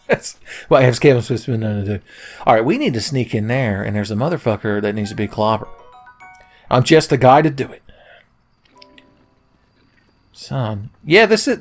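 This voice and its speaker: A man commentates his gameplay with sarcastic, profane jokes. His voice sits at an ordinary middle pitch for a man. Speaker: let's play host.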